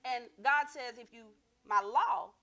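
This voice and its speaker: Bright-voiced woman preaching emphatically. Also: a little high, slow, dull audio. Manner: emphatic, call-and-response preaching with scripture readings. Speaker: guest preacher. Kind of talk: sermon.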